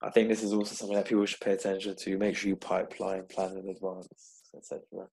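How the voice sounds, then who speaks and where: Casual male podcast host with a deep voice and easygoing, filler-heavy delivery. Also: quick pace, gravelly, husky. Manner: relaxed, rambling with fillers. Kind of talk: casual interview chat. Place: London-based.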